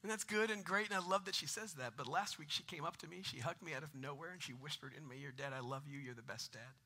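A man's voice: a little high, fast, pushed and bright, breathy edge. A man, preaching a conversational sermon with jokes and rising emphasis. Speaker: pastor.

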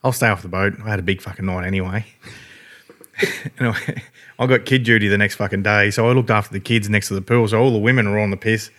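A man's voice: fairly low pitch, steady tone, quick pace, a bit bright. A man with an Australian accent telling rambling stories in a casual podcast chat, swearing constantly.

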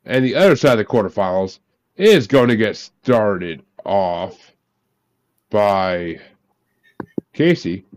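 Lower-voiced male host, swears a lot, keeps an excited group chat moving. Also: slow pace, long pauses. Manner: profane and enthusiastic. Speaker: podcast host.

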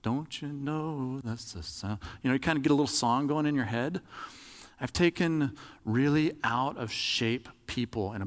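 A man's voice: medium pitch, long reverb tail. A man preaching a sermon in a conversational, demonstrative way, acting out examples as he talks.

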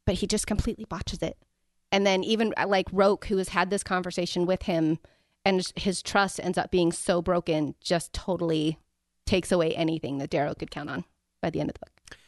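A woman's voice: fairly low pitch, steady tone, a little fast, no echo, studio quality. A woman co-hosting a casual book podcast, retelling scenes with a few fillers as she hunts for a passage. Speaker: podcast co-host.

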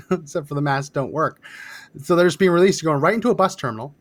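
A man hosting a political commentary podcast, his voice a touch higher than most men's. He talks through on-screen clips in a brisk, sardonic way and cues his producer along the way. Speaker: podcast host.

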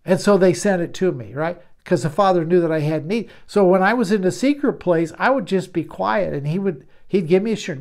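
A man's voice: high voice, lively intonation, a little fast, hardly any pauses, a little mellow. Conversational male pastor preaching. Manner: conversational, repeats words and restarts, acts out God's voice. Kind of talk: sermon.

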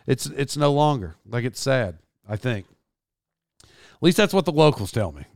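A man's voice: medium pitch, big pitch swings, moderate pace, darkish tone, no room sound, clean studio sound. A man from Oklahoma with a slight twang, telling casual stories in a rambling, self-correcting way and laughing often. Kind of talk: casual storytelling chat.

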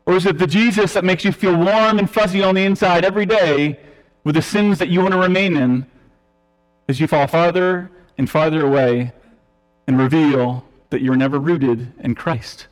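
A man's voice: a little high, fairly even intonation, normal speed. A male preacher delivering a teaching sermon, emphatic and explanatory, with self-deprecating asides. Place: church sanctuary. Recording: long reverb of a church hall.

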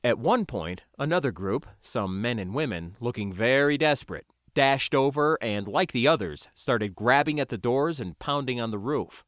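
A man reading a first-person story as an audiobook narrator, in a wry, lively storytelling way. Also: mid-range voice, normal speed, few pauses, no room sound, clean studio sound.

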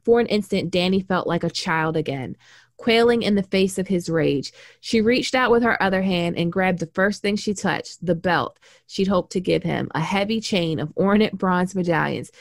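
Animated, swearing woman chatting. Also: lowish voice, moderate pace, dry recording, studio quality. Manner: animated, swearing, acts out quotes. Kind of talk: casual book discussion.

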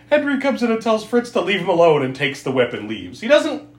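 Guy retelling a movie plot casually, kinda high voice, laughs a lot, roomy sound. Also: very animated, moderate pace. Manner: laughs often, swears, acts out characters. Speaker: podcast host.

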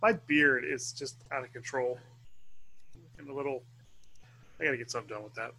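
A man's voice: mid-range voice, moderate pace, pushed and bright. A man co-hosting a podcast, chatting casually and making joking asides. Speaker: podcast co-host. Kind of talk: casual chat.

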